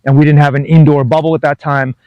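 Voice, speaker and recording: A man's voice: fairly high pitch, flat delivery, fast, clean tone, no room sound, highs cut off. Chatty fifty-something man, dry sound. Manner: rambling, self-deprecating, chuckles often. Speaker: tennis vlogger. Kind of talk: casual storytelling to camera.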